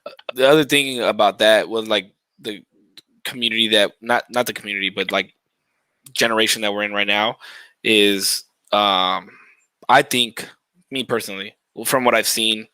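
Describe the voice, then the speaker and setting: A man who is a game streamer, guesting on a podcast, talking things through in a reflective, casual way with plenty of swearing and shout-outs to stream followers. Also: on the low side, fairly even intonation, normal speed, smooth, no room sound, low-quality recording. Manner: reflective, heavy swearing, talks while thanking stream followers.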